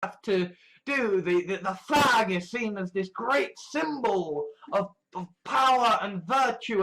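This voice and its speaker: A man's voice: sits high, lively intonation, measured pace, sharp tone. A man ranting sarcastically in an exasperated monologue, swearing often. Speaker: online commentator.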